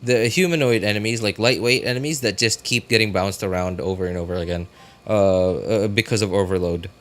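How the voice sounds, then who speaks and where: A man's voice: fairly low pitch, brisk. A young man chatting casually with viewers while streaming a game, rambling with lots of fillers. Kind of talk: casual live-stream chat.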